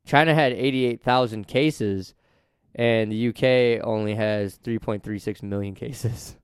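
A man's voice: mid-range voice, a little slow, smooth, dry recording, clean studio sound. A man co-hosting a podcast in casual profane chat, laughing often and riffing on numbers and jokes. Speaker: podcast co-host.

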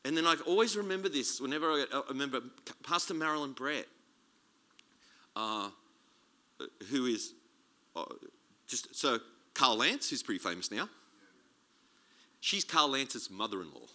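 A man preaching a sermon as a guest speaker, chatty and animated, joking and restarting his sentences. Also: medium pitch, moderate pace, pauses often. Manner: animated, conversational, jokey preaching with many restarts.

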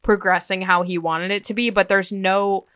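A woman's voice: mid-range voice, flat delivery, moderate pace, fairly bright tone, dry recording. A woman podcast co-host in casual chat, giving blunt, dismissive opinions on a TV show.

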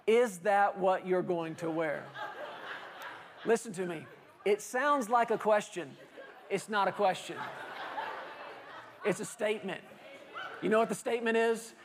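A male pastor preaching a sermon to a congregation, telling lively stories and acting out dialogue with humor. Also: sits high. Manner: animated storytelling preacher, acting out dialogue with laughter.

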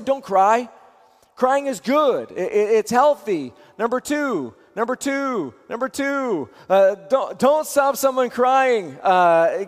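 A man teaching as a pastor on a livestream, energetic and repeating his points for emphasis. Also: very high voice. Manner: energetic, repeats phrases, affirming. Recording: long hall reverb.

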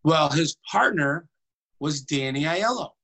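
A man, a tenor singer, telling comic stories in a conversation in an animated way. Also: fairly high pitch, measured pace, rough recording. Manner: animated, jumps into voices.

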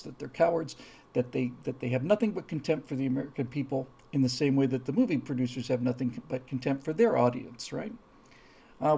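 Male stream host, gravelly and a bit husky, slightly high, rambling heated commentary. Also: mellow. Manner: heated, emphatic, repeats words when worked up. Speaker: live stream host reading viewer comments.

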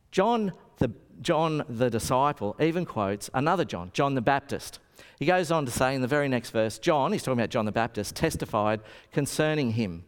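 Animated man preaching in a hall. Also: a little high. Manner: storytelling, acting out the people he quotes. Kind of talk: sermon. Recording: long reverb of a hall.

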